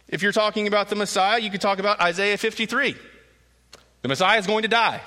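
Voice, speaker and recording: A man preaching a sermon as pastor, conversational with joking asides, growing emphatic as he explains the passage. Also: high-pitched. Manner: rises into emphatic, animated delivery when voicing the crowd. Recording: reverberant hall.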